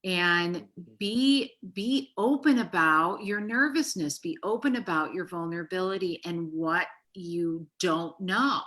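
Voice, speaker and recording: Bright-voiced woman, animated storyteller. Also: lowish voice, a little slow, hardly any pauses. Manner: animated storyteller who swears lightly. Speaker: therapist and podcast host. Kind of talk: casual podcast conversation.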